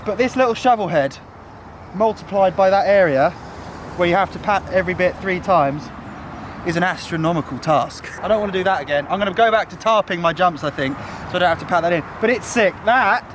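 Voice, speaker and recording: A man's voice: high-pitched, fairly quick, fairly bright tone, slight background noise. A young man vlogging outdoors, chatty and enthusiastic, out of breath. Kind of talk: casual vlog walkthrough. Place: outdoors at a building site.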